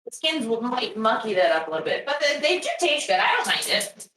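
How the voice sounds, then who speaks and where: A woman's voice: fairly high pitch, big pitch swings, a little fast, fairly bright tone, far from the mic. A woman chatting in a home kitchen while cooking, practically explaining each step. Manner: practical, explains recipe steps. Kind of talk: casual cooking stream chat. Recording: roomy kitchen with faint noise.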